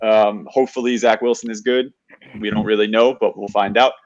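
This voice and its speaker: Halting man on a dull, lo-fi mic. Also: lowish voice, steady tone, no room sound. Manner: halting, self-deprecating, many uhs. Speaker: podcast co-host. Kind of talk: casual live-stream chat.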